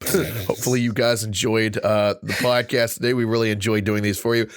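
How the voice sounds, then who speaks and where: A man's voice: on the low side, flat delivery, fairly quick. A man hosting a casual podcast, ranting heatedly and swearing freely. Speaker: podcast host.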